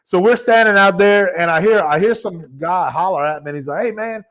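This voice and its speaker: A man with a Louisiana accent, hosting a casual chat and telling an animated story, acting out the quotes. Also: sits high, fairly quick. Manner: animated anecdote teller, acts out quotes. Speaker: show host.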